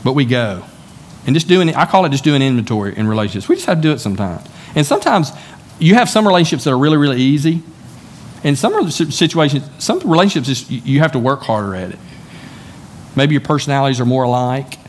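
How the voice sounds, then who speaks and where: A man's voice: medium pitch, big pitch swings, fast talker. Pastor, male, mid-range voice, folksy and conversational in the pulpit, slips into the voices of people in his stories; faint noise under the recording. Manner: conversational, folksy storytelling with acted-out dialogue. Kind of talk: sermon. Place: church sanctuary.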